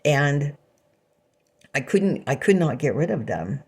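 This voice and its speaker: A woman's voice: sits low, very animated, slow pace, a little mellow, husky. A woman vlogging alone in a rambling personal monologue, bitter and sarcastic, breaking into short laughs between remarks.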